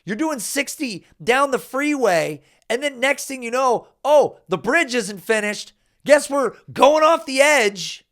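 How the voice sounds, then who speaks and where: Recapping his fantasy football draft, a man gets animated and exasperated, cursing frequently and leaping up in pitch, though his pace stays measured.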